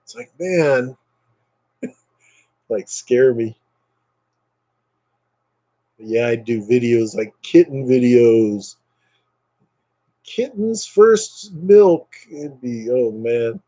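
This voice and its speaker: A man's voice: medium pitch, very slow, pauses often, dark tone, low-quality recording. A man chatting casually on a live stream, rambling with lots of fillers and thanking viewers by name.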